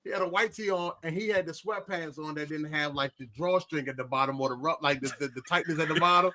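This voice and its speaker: A man co-hosting a podcast, telling stories in casual chat, animated and laughing as he acts out what people said. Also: a little high, fast talker, crowd noise. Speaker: podcast co-host.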